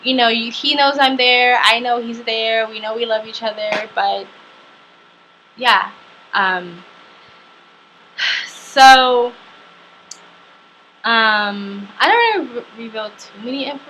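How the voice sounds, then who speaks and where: A young woman vlogger telling a personal story in a halting way, full of fillers and restarts. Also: on the high side, bright, forceful tone, a little hiss or hum, low-quality recording. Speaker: travel vlogger.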